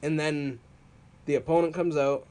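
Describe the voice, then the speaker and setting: Brief: man, slightly raised pitch, chatty storyteller, casual podcast co-host. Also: normal speed. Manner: storytelling, animated, laughs often. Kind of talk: casual wrestling chat.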